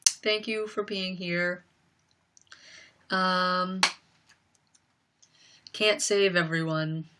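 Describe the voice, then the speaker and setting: A woman's voice: on the low side, fairly even intonation, very slow, pauses often, recorded from a distance, noisy background. A young woman hosting a livestream, talking casually and emphatically, rambling with lots of fillers. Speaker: livestream host.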